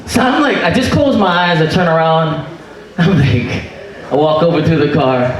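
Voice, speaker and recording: Lively Hawaiian man doing stand-up. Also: on the high side, measured pace, pauses often. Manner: animated, acts out dialogue with shouts. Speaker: stand-up comedian. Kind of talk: stand-up storytelling. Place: comedy club stage. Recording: roomy live room, distant mic.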